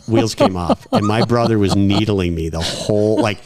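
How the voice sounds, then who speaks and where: Low-voiced man telling lively stories. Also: a little slow. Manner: animated anecdotes with acted quotes and laughs. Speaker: podcast guest. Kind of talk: casual storytelling.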